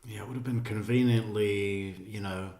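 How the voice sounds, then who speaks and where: A man's voice: on the low side, fairly even intonation, normal speed, a little mellow, roomy sound. A man giving sarcastic, exasperated commentary on trial footage. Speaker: true crime commentator.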